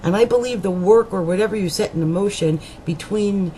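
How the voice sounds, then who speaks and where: A woman's voice: medium pitch, normal speed, dark tone, a little hiss or hum, rough recording. A woman astrologer giving a monthly horoscope reading in a chatty, meandering way, with frequent fillers and restarts.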